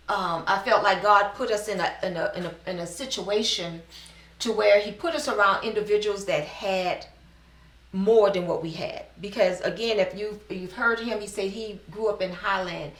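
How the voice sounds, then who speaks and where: A middle-aged woman from New Orleans, a business owner telling her personal story in an interview, animated and acting out the dialogue she quotes. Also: mid-range voice, moderate pace, recorded from a distance. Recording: echoey room.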